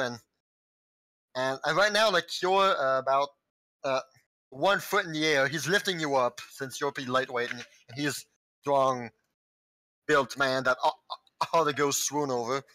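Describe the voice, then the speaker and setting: Slow-talking game master, bright and dry. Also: male voice, mid-range voice, no room sound, rough recording. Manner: halting, many restarts, chuckling between lines. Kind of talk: narrating a tabletop game.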